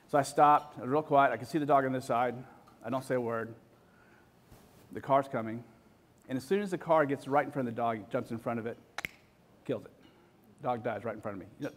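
A man in his forties telling a personal story in an emotional, halting way, full of restarts. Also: medium pitch.

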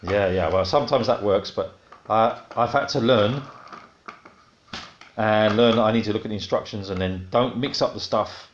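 A man's voice: fairly low pitch, normal speed. A man chatting casually as a vlogger, explaining things as he unboxes and assembles a scooter with his child at home. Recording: dull lo-fi audio with steady noise.

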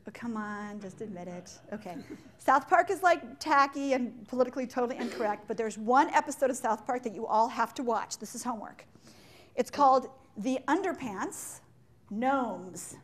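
A woman giving a live business talk to an audience in an animated, joking way, firing questions at the listeners. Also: a little high, normal speed. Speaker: leadership speaker.

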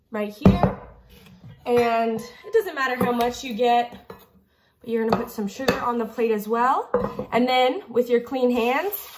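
A woman's voice: a little high, slight background noise. A young woman hosting a playful cooking demonstration for children, bubbly and jokey, talking straight to the kids at home. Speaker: children's ministry cooking host.

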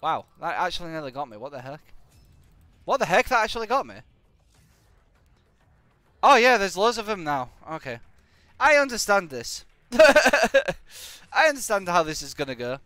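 A man commentates his own game in a lively voice that swoops up and down, often sarcastic and jokey. His voice sounds high and bright. Faint music plays underneath. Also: moderate pace, pauses often, dry recording. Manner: jokey, sarcastic, animated, bursts of exclamations. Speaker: live-streaming gamer. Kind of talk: live gameplay commentary.

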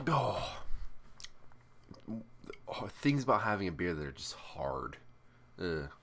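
Deep-voiced tired young man rambling. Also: big pitch swings, takes it slowly, creaky, pushed and bright. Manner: rambling, self-mocking, exaggerated sighs and groans. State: tired and drowsy. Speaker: YouTuber. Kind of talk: casual vlog talk to camera.

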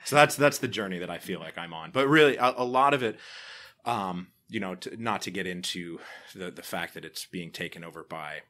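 Wry low-voiced man chatting. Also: a little fast, sharp tone. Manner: wry, rambling storyteller. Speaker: podcaster guest. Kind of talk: casual interview chat.

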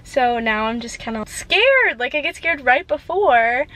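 A woman's voice: high-pitched, sing-song, a little slow, fairly bright tone, poor audio. A young woman talking casually to her viewers from a parked car, chatty and nervous, with lots of "like". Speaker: vlogger. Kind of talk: casual vlog chat.

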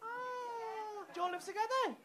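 A man's voice: very high voice, moderate pace. A man doing crowd work in a comedy club, sweary and mocking, ranting at the audience and laughing through his lines. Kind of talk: live stand-up crowd work. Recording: live club recording with audible noise.

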